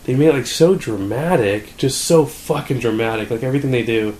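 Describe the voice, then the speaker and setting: A young man casually rambles through a story full of fillers and swearing. His medium-pitched voice is fairly quick with a darkish tone, recorded in an echoey room with faint background noise.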